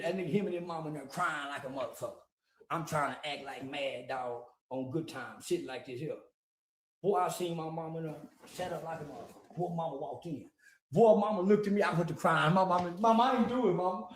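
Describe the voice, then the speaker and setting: High-voiced blunt man in a roomy space. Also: slight background noise. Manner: blunt, profane, lots of slang and repeated "yeah". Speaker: guest commentator. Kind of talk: casual street commentary.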